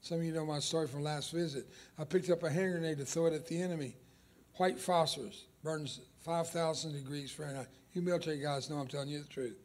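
An older man whose first language is Spanish, preaching an emphatic sermon with dramatic pauses and stretched key words. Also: fairly high pitch, steady tone, a little mellow.

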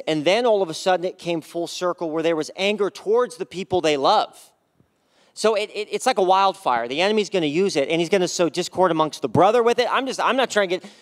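A man's voice: high voice, expressive, brisk, some chatter behind. A man sharing his testimony at a church service, speaking with passion and raising his voice to urge the congregation.

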